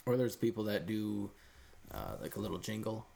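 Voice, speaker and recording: A man's voice: fairly low pitch, moderate pace, gravelly, dark tone, slight background noise. A man hosting a casual radio chat in an eager, joking way. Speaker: radio show host.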